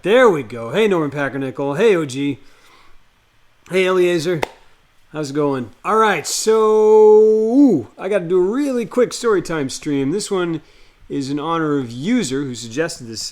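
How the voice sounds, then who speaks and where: A man's voice: a little high, animated, moderate pace. A man streaming live, chatting loosely with viewers and greeting them by name before reading a horror story aloud.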